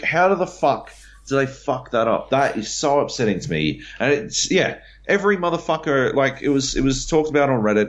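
A man co-hosting a casual podcast chat, ranting in a heated, profane way. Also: medium pitch. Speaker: podcast co-host. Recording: dull lo-fi audio.

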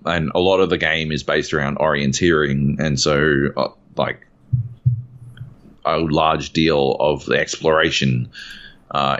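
Deep-voiced podcast co-host, animated and profane, with slightly dull lo-fi sound. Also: male voice. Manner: animated, profane, rambling with fillers. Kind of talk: casual chat.

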